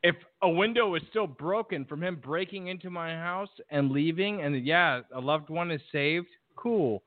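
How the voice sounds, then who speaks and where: A man's voice: fairly high pitch, moderate pace, dry recording. A man talking bluntly and emphatically in a casual discussion, swearing freely. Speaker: podcast guest. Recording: tinny phone-like call audio, dry.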